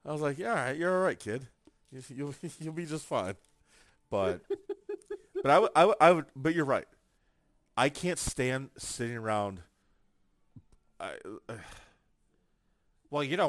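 A man chatting casually on a podcast, his pitch swooping up and down as he acts out quotes from his stories. The sound is dry and close, with no room echo. His storytelling is lively and vivid. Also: measured pace, long pauses. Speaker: podcast co-host. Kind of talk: casual chat.

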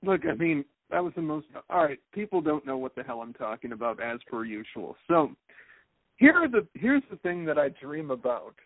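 A man co-hosts a podcast and tells a story with a lively, swooping delivery, his voice sitting a little high. He sounds wry and chatty. The sound is thin and phone-like, with no room to it. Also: normal speed, dry recording. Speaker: podcast co-host. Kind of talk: casual podcast chat. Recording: narrow phone-like sound, dry.

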